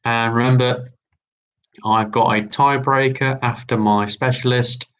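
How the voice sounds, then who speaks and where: Slow-talking man hosting a quiz. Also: medium pitch, fairly even intonation, fairly bright tone, smooth, poor audio. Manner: chatty, repeats lines, drawn-out phrasing. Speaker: quiz host. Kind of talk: live online quiz hosting.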